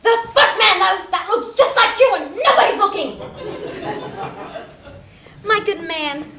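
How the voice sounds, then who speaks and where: A woman's voice: animated, measured pace, gravelly, pushed and bright, full character voice. A woman on stage playing a vain, scheming mayor's wife who shows off with fake French. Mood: flustered fawning. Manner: shrill, showy, pretentious, fake French phrases. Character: vain, scheming middle-aged mayor's wife, social climber. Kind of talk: stage play performance. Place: theater stage, heard from the hall. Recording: roomy theater sound from a distance, noisy.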